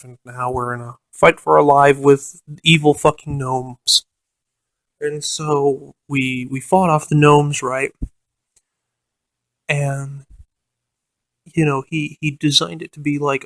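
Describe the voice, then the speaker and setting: A man's voice: mid-range voice, little pitch movement, takes it slowly, a bit bright, dry recording. Rambling, profane man telling a story. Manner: rambling, profane, many fillers and restarts; quotes the game master in a mocking voice. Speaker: storyteller recounting a tabletop game. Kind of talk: casual anecdote.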